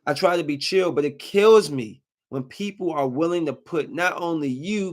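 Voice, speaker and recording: A fired-up man speaks, venting about a run-in on the road. His voice sits on the high side and keeps climbing toward near-shouting as his anger builds. It is loose, off-the-cuff podcast talk. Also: moderate pace. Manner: heated, ranting, rising to near-shouting when angry. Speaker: podcast host. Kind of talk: casual ranting monologue.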